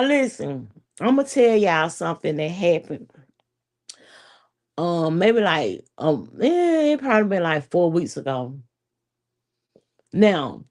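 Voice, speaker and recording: A woman's voice: lowish voice, sing-song, takes it slowly, pauses often, a little mellow. A woman, telling a story to viewers in a casual, profane, chatty way. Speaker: vlogger.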